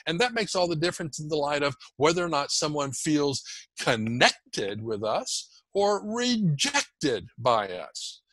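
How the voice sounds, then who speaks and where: A man guest on a podcast, teaching communication skills in an animated, emphatic, demonstrative way. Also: a little high, measured pace, no room sound. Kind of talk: energetic podcast interview.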